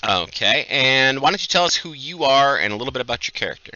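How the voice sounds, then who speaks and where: A man running a tabletop game as game master, lively and laughing with his players. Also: mid-range voice, fast talker, no echo, highs cut off.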